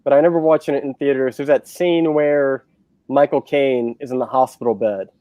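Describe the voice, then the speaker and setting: A man's voice: mid-range voice, a little fast, no room sound, dull audio. A man reviewing movies, chatting on a livestream and animatedly retelling scenes. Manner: animated storyteller, acting out scenes. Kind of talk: casual livestream chat.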